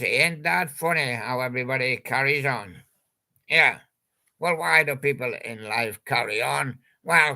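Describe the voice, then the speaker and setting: Slow, gravelly older Englishman rambling. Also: medium pitch, bright, forceful tone. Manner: chatty, meandering, jokey wordplay. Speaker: channel host. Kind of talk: rambling casual monologue about old pop songs.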